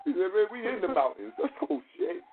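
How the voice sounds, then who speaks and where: A man's voice: sits high, very animated, brisk. Profane, loose-talking man on a phone-quality line. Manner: loose, profane storytelling with quoted dialogue. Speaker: podcast host. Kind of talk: casual podcast talk. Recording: tinny phone-like audio with faint hiss.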